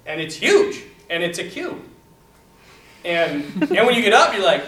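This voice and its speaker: A lively male priest chats to a group, his pitch swinging widely as he laughs and acts out each scene. His voice comes from some distance in an echoing hall. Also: unhurried, pauses often, slight background noise. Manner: animated, laughs often, acts out quotes. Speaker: Catholic priest speaking to a group. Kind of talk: casual talk with a story. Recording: roomy hall, distant mic.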